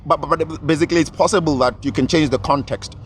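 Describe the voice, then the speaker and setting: A man's voice: a little high, steady tone, quick pace. A man hosting a podcast in casual chat, joking and often repeating words as he gets going. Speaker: podcast host.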